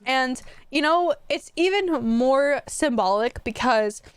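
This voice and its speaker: Young woman gamer, high voice, dry close mic, chatty and emotional with her viewers. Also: expressive, takes it slowly, clear, resonant tone, no echo. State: tearful, near crying. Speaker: gaming YouTuber. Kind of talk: casual gameplay commentary.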